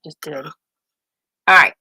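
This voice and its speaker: A woman's voice: slow, pushed and bright. An older woman hosting a casual live stream, rambling and thinking aloud as she chats. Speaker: host.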